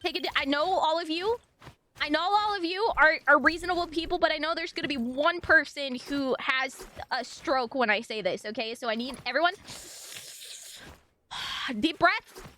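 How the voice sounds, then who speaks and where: A woman's voice: high-pitched, moderate pace, bright, forceful tone, a little hiss or hum. A woman streamer chatting casually and animatedly, laughing often and swearing freely.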